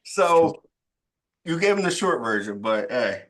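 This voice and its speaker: A man co-hosting a podcast in casual chat, talking in an animated, hyped and slangy way. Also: fairly high pitch, measured pace. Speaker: podcast co-host.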